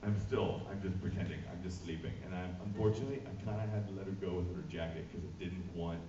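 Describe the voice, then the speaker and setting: A man, a voice actor, telling an animated anecdote at a convention panel, acting out voices, recorded from far off. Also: sits low, fast. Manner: animated storyteller, acts out voices. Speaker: voice actor guest. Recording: echoey hall, distant muffled mic, noisy. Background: audience laughter, room noise.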